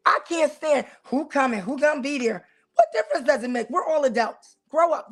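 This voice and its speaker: High-pitched sassy woman hosting a talk show, really animated. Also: fairly quick. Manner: sassy, animated, talks straight to the audience. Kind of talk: casual preaching-style commentary.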